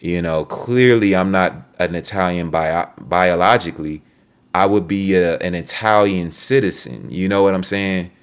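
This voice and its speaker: Man, very low voice, heated profane rant, stumbles and repeats words. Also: normal speed, smooth. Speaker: online video creator. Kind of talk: ranting commentary video.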